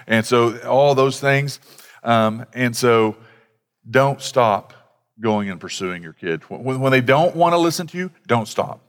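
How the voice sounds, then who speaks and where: A man's voice: mid-range voice, measured pace, clear, resonant tone. Middle-aged male pastor, chatty storytelling sermon, mid voice, long hall reverb. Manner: conversational, animated storytelling with many fillers.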